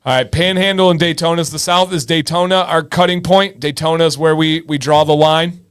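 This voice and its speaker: A man from Michigan in his thirties hosts a casual livestream. He chats loosely and answers viewers by name, and his speaking voice sits slightly high for a man. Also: fairly even intonation, fairly quick, fairly bright tone, clean tone. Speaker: livestream host. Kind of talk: casual livestream chat reading viewer comments.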